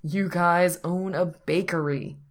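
A woman voicing a dry, long-suffering male attorney who speaks in a measured, wry way. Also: sits low.

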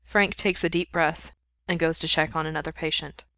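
A woman reading a fan fiction story aloud in steady, unhurried narration. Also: sits low, no room sound.

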